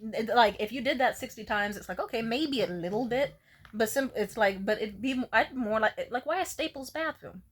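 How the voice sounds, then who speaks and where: A woman's voice: a little high, lively intonation, normal speed, breathy edge. A young woman telling a story to camera in a blunt, profane, casual way, often laughing. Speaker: vlogger.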